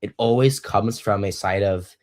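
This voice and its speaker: A teenage boy hosts a casual online debate, his voice sitting very low. He talks haltingly, restarting phrases and leaning on fillers. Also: darkish tone. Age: teens. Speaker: debate host. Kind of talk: casual live-stream debate hosting.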